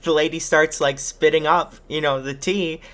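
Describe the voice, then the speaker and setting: A man's voice: on the high side, steady tone, moderate pace, a bit bright. A man appearing as a podcast guest, casually retelling a film's plot with lots of fillers and acted-out quotes. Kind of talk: casual film recap chat.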